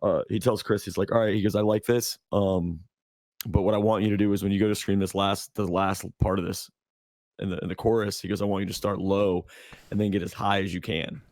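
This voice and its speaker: A man's voice: fairly low pitch, little pitch movement, a little fast, darkish tone, no echo, studio quality. A man co-hosting a podcast, telling a long story in casual chat, rambling with lots of fillers and restarts. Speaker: podcast co-host.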